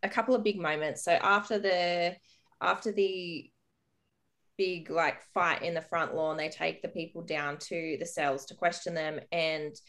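A woman's voice: fairly low pitch, fairly even intonation, a little slow, fairly bright tone. A woman podcast host chatting casually, recapping a story bluntly with some swearing.

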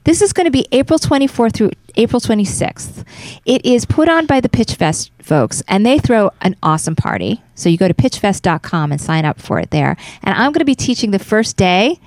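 A woman's voice: mid-range voice, big pitch swings, brisk, darkish tone, no echo. A woman hosting a podcast, chatting casually and promoting her classes with enthusiasm. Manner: upbeat, plugging events with enthusiasm. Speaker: podcast host and screenwriting teacher.

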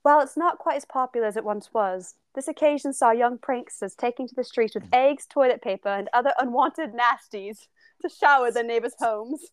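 A woman's voice: a little high, fairly quick, dry recording, lightly acted. A woman doing an exaggerated, put-on British accent to read an article aloud for laughs. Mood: mocking.

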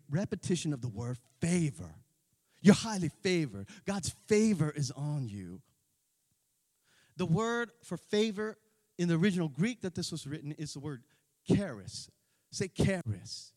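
A man preaches in a loose, conversational way and throws slang into his sermon. His voice sits high and swings up and down a lot. The sound carries a long reverb from a large hall. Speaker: pastor.

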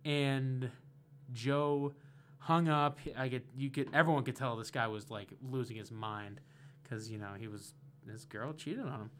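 A man's voice: medium pitch, a little slow, slight background noise. Young man telling a rambling story. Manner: animated, rambling with many fillers. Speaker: guest DJ. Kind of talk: casual storytelling chat. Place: radio studio.

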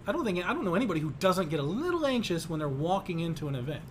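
A man's voice: sits high, sing-song, racing, a little hiss or hum. A man hosting a casual podcast interview, joking and laughing often, with rambling restarts. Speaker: podcast host.

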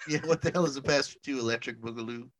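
A man co-hosting a laid-back podcast races through a long, rambling story in a medium-pitched voice, laughing often and filling it with "like." The recording is dry.

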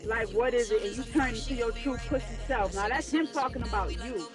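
A woman's voice: fairly high pitch, a little fast, music in the background. A woman guest on a casual podcast, indignant and profane as she reads messages aloud.

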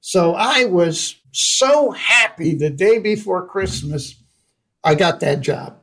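An older man from the Netherlands spins a personal story for an interviewer. His voice sits high, and he slips into the lines of each person he quotes as he goes. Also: slow pace, poor audio. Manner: animated storyteller who acts out dialogue. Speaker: guest investor.

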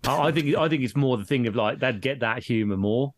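A man's voice: medium pitch, brisk. A middle-aged man from Britain, a guest in casual chat, who rambles, restarts often and laughs a lot while telling stories. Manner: rambling, laughs often, voices others in anecdotes.

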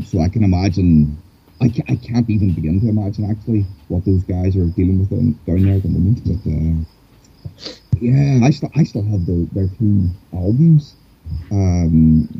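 An Irish man chats casually over a call in a low, gravelly voice with a breathy edge. He rambles hesitantly, leaning on plenty of fillers. The call audio is dull and lo-fi.

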